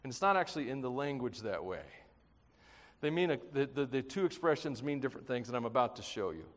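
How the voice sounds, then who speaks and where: A man preaching a sermon in an animated, conversational way, mixing jokes and acted-out quotes into his teaching. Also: medium pitch, fast, big-room sound. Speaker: pastor.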